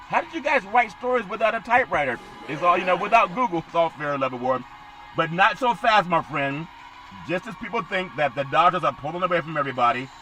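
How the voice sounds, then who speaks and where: A man's voice: on the high side, pushed and bright, poor audio. A man hosting a solo sports podcast, rambling through baseball news with jokes and repeated catchphrases.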